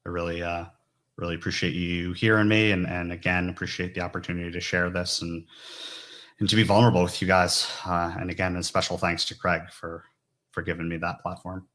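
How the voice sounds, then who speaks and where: Man, low voice, earnest, confessional, conference talk, talks straight to the audience. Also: level tone, brisk, fairly bright tone. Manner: earnest, confessional, often asks "right?". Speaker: conference speaker. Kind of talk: personal story talk to an audience.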